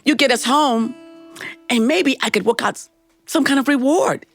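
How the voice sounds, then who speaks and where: A woman's voice: high voice, normal speed, faint music behind, voice pushed up. A woman storyteller voicing a spoiled, rude young princess who whines and snaps insults. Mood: bossy. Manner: whiny, snippy, shouts insults.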